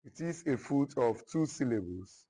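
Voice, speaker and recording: A man teaching literature in a classroom, slowly repeating each point and often checking whether his students follow. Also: mid-range voice, expressive, dark tone, husky, poor audio. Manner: slow, repetitive, checks understanding often. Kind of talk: classroom lecture.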